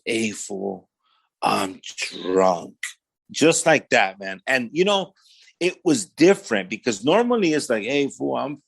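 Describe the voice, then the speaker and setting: A man's voice: mid-range voice, husky. A man with a Southern California accent telling his testimony in casual storytelling style, acting out the voices in his quotes and filling with "man" and "right?". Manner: conversational, fillers like "man" and "right?".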